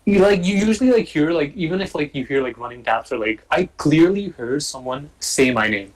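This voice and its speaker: A man's voice: on the high side, expressive, fairly quick, rough recording. Young man, casual chat, rambling, lots of filler words, remote call. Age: young adult.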